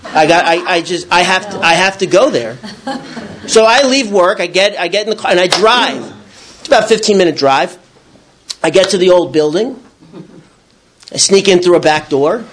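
A man with a notably high-pitched voice tells a personal story about his recovery. He rambles, stumbles into restarts and repeats his words, and brings the tale alive by acting out his own shouting. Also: a little hiss or hum.

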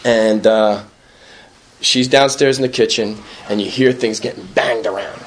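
A man's voice: on the low side, a little slow. A man speaking at a recovery meeting, earnest and self-deprecating, repeating himself and often asking for agreement. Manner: repetitive, conversational, keeps asking "right?". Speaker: recovering alcoholic sharing at a meeting. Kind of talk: personal recovery talk.

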